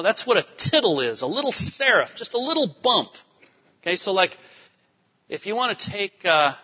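A man preaching a sermon to a congregation, emphatic and animated, with asides to the people in the pews. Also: on the high side. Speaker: pastor. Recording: dull sound in a reverberant hall.

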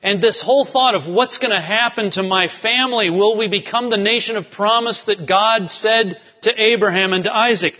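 A man with a high voice preaches a sermon, swinging between emphatic lines and sudden near-whispers. His voice carries a long reverb, as in a large church sanctuary, and the sound is a little dull. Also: moderate pace, few pauses. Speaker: pastor.

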